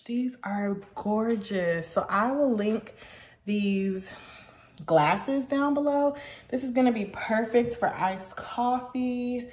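A woman beauty vlogger chatting casually while unboxing, gushing and excitable. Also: a little high, slow. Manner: gushing and excitable, many "oh my gosh"s. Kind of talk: casual vlog chat. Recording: echoey room with faint noise.

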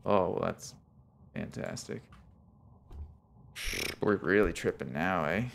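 A man's voice: low-pitched, slow, creaky, slight background noise. A man streaming a horror game, talking to his chat as he plays, reacting with swearing and laughter. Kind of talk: casual gaming commentary.

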